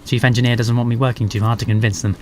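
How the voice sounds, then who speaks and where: A man voicing an excitable female rat science officer who talks eagerly and insistently. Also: medium pitch, rapid-fire, slight background noise, lightly acted.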